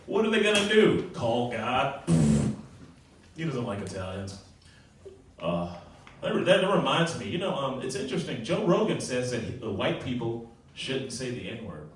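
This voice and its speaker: A man's voice: medium pitch, a little slow, slight background noise. Brash forties man, echoey club mic. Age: 40s. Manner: brash, profane, lively, laughs at his own jokes. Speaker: stand-up comedian. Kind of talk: stand-up set at an open mic. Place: small comedy venue. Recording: echoey room, mic heard from far off.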